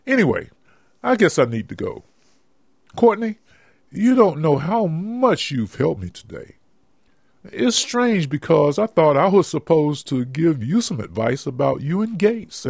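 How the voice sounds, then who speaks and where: A man's voice: a little high, creaky, a little mellow, breathy edge, no room sound, studio quality, full character voice. A man voicing a sheepish, lovestruck married man in an amateur audio drama, speaking earnestly. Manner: earnest, swooping intonation.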